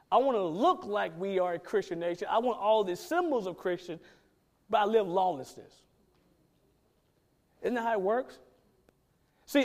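A man preaching a sermon as pastor, emphatic and conversational, acting out quotes from his congregation. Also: high voice.

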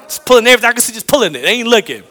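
A man from the American South preaching a sermon, swinging between loud emphatic lines and hushed low ones. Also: animated, racing, in a large hall.

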